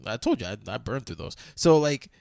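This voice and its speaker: Animated young man telling a story. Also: medium pitch, brisk, vocal fry, no echo, clean studio sound. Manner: animated storytelling, acts out quoted dialogue, laughs often. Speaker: podcast co-host. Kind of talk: casual chat.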